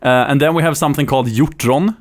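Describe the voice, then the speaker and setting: A man's voice: a little high, fast talker. A young Swedish man, a native Swedish speaker, chatting casually as a guest in a rambling, hesitant way and laughing often. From Sweden. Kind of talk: casual chat.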